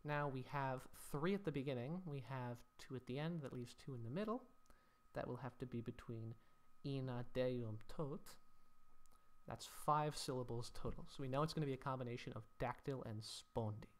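A man's voice: medium pitch, brisk. A man teaching Latin poetry scansion, thinking aloud as he works through each line, with mock-dramatic sighs at the rule-breaking.

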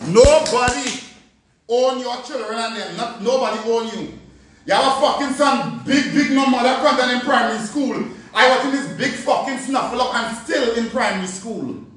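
A woman's voice: a little high, moderate pace, roomy sound. Profane Jamaican woman ranting. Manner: profane, scolding, taunting. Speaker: vlogger. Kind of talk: angry social media rant.

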